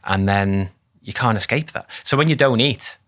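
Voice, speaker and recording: A man who co-hosts a podcast as a cardiologist, explaining things in a relaxed chat with swearing and laughter. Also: lowish voice, normal speed.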